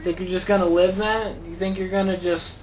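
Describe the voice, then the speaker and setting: A young man with a slightly high voice talks through his gameplay in a loose, rambling way. He jokes, grumbles and mutters exclamations to himself as he plays. A faint hiss of noise sits under the recording. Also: fairly even intonation, brisk, darkish tone, rough recording. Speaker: gaming channel host. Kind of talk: casual gameplay commentary.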